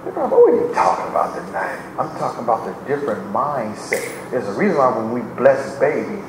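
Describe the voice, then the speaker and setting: A man's voice: mid-range voice, brisk. A man, a bishop, preaching a sermon full of humor, acting out the voices of people he quotes. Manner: animated, joking, acts out quoted speech. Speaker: bishop and pastor. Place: church. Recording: echoey church with background noise.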